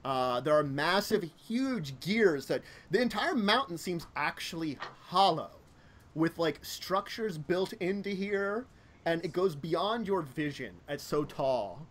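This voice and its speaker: Brief: male game master, rambling narration full of fillers, a bit high voice. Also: animated, slow, fairly bright tone. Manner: rambling, lots of fillers and self-corrections.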